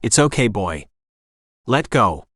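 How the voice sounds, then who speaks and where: A man voicing a cool, protective young hero in an audiobook, speaking in a calm and drawling way. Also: lowish voice, slow pace, dry recording, clean studio sound, heavily acted. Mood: gentle.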